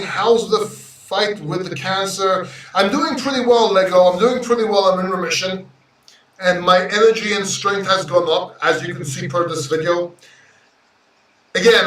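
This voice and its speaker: A man's voice: a little high, recorded from a distance. Brash emotional man, roomy and off-mic. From Greece. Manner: emotional, brash, swearing, swings loud and quiet. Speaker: crypto YouTuber reading live chat. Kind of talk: livestream chat with viewers. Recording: roomy echo, off-mic sound.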